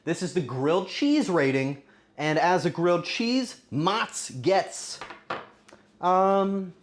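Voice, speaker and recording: A man streaming casually while cooking and tasting, joking crudely and bursting into loud exclamations. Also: high-pitched, animated, slow pace. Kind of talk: casual cooking livestream chatter.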